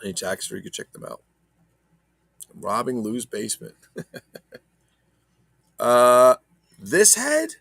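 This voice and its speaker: A man's voice: medium pitch, huge pitch swings, takes it slowly, creaky, long pauses, fairly bright tone, breathy edge, no room sound. A man casually chatting about his toy collection, rambling and swearing as he talks to viewers. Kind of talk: casual unboxing chat.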